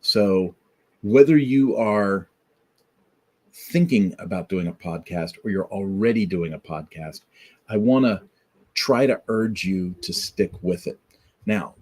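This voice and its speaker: Man, podcast host, deep husky voice, encouraging, repeats himself, live stream talk. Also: expressive, measured pace, a little mellow. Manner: earnest, encouraging, repeats key advice. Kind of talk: casual motivational talk to camera.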